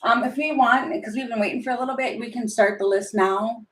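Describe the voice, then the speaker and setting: Woman tarot reader, slightly high voice, chatty, rambling, opinionated, casual live reading. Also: steady tone, fairly quick, fairly bright tone.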